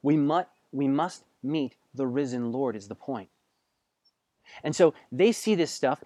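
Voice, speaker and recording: A man preaching a sermon in a conversational way, asking his listeners direct questions and swinging between hushed passages and loud, emphatic bursts. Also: medium pitch, a little slow, no echo. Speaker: pastor.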